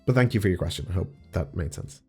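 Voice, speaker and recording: A young man with slightly congested, allergy-stuffed speech, chatting casually and rambling excitedly as he answers viewer questions. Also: deep voice, fast talker, vocal fry, slightly rough, soft background music. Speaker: audio roleplay creator. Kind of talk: casual Q&A chat.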